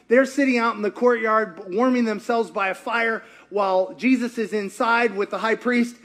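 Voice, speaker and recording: A man preaching a sermon, retelling a story in a lively conversational way and acting out the characters' lines. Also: very high-pitched. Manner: acts out quotes in character voices, lively and conversational. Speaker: pastor.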